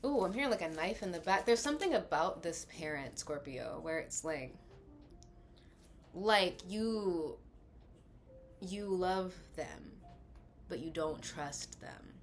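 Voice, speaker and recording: A woman's voice: lowish voice, animated, takes it slowly, long pauses, a little hiss or hum. A woman giving a casual tarot reading, rambling and chatty with many fillers, slightly lisping through a retainer. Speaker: tarot reader.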